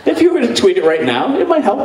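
A man telling a bawdy story to a live audience, in an animated and goofy manner, breaking into sung nonsense sounds. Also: extremely high pitch, fast talker. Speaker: sex educator telling a story on stage. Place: stage before a live audience. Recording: echoey hall, mic far off, crowd laughing.

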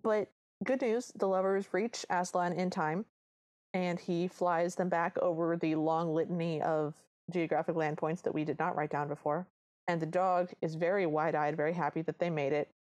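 A woman's voice: lowish voice, steady tone, moderate pace, darkish tone. A woman co-hosting a podcast, chatting enthusiastically about a film with plenty of "like"s. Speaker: podcast co-host. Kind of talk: casual chat recapping a film.

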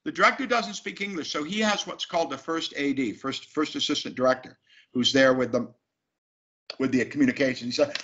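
A man's voice: on the high side, animated, moderate pace, sharp tone. A man, an actor, talking emphatically and animatedly as an interview guest. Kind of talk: casual interview talk. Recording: dull lo-fi sound.

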